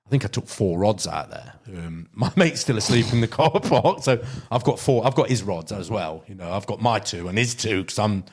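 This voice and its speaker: A middle-aged man with a Midlands accent and a fairly low voice tells fishing stories on a podcast. He rambles in a relaxed way, with plenty of ums, asides and "you know what I mean". The talk is loose and conversational. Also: moderate pace, hardly any pauses, breathy edge. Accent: English Midlands. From Derbyshire, England. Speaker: podcast guest, carp angler. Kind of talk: casual podcast chat, storytelling.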